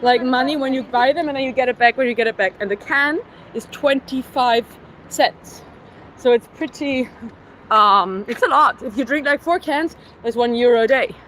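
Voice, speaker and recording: A German woman from Berlin, speaking with a German accent, livestreams from a phone on a selfie stick as she walks city streets, chatting casually with viewers and filling her speech with "like." Her voice is high and fairly bright, at a normal speed. The recording is low quality, with faint street and traffic noise behind her.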